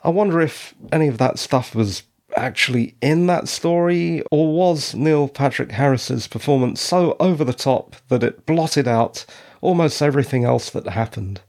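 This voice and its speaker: A man hosting a review show, talking through his opinions in a measured, dryly critical way. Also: mid-range voice, darkish tone. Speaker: podcast reviewer. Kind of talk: solo review commentary.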